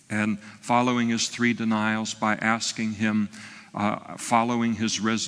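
A man's voice: on the low side, fairly bright tone, in a large hall. A man preaching a sermon, retelling a story in a conversational way with frequent fillers and restarts. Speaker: pastor.

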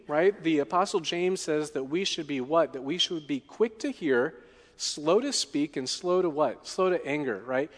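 A man preaching a sermon as a pastor, often asking the congregation questions. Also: fairly high pitch. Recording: long hall reverb.

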